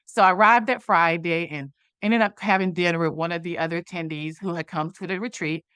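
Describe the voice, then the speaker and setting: A woman's voice: on the low side, steady tone, a little fast, a bit bright, clear, resonant tone, dry recording, studio quality. A woman interview guest telling a personal story, animatedly acting out the dialogue from it. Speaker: guest, movement founder.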